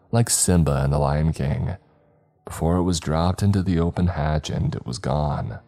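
A man reading a scary story aloud in a slow, measured, grave manner, as the narrator of a horror podcast. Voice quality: very deep, dark voice.

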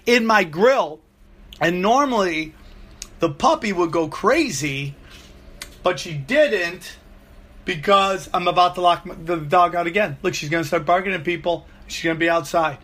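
Man, 40s, comedy podcast host, profane rant, high-pitched. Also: unhurried, pauses often. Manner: profane, animated storytelling.

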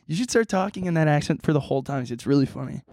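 A man's voice: a little high, lively intonation, fast, darkish tone, no echo. Man, podcast co-host, goofy jokey banter, dry close mic. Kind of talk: casual chat.

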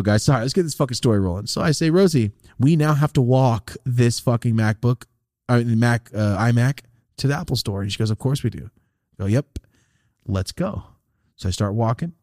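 A man's voice: on the low side, fast, dry recording, studio quality. A man casually telling a rambling, profane story as a podcast host, acting out the quotes. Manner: profane, rambling, animated retelling with acted-out quotes.

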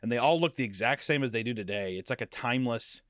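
Young male podcast co-host, lively swooping delivery, dry close sound, jokey and animated. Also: medium pitch, fast, no room sound. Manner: animated, joking, slips into silly put-on voices. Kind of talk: casual chat.

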